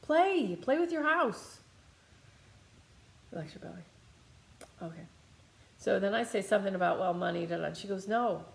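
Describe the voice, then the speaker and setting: A woman's voice: mid-range voice, expressive, normal speed, vocal fry, pauses often, echoey room. A woman giving a loose, conversational guided healing meditation with lots of fillers and restarts. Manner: rambling, conversational, many fillers. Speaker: meditation teacher. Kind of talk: guided meditation talk, channeling.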